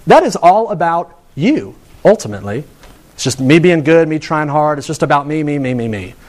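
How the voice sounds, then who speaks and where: Chatty, fairly high-voiced male preacher. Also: very animated, moderate pace, a little mellow. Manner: chatty and storytelling, with frequent restarts and rising emphasis. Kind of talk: conversational sermon.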